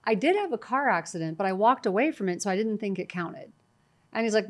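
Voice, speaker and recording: A middle-aged woman, a guest in an interview, talking in a lively, storytelling way and acting out what others said to her. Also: mid-range voice, fast talker. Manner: animated storytelling, quotes herself and others. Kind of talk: conversational interview.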